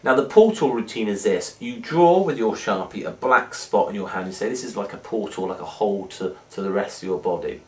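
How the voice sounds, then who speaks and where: A man's voice: fairly low pitch, fairly quick, hardly any pauses. A man hosting a magic product review, playful and rambling with frequent jokey asides. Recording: echoey room, mic at a distance.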